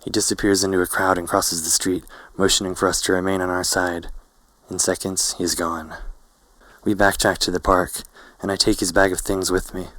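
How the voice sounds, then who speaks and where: A man reads a first-person novel aloud in a slow, hazy, poetic way. His voice is deep and flat. The recording is dry and close. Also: dry recording, rough recording. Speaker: narrator. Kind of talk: literary first-person narration.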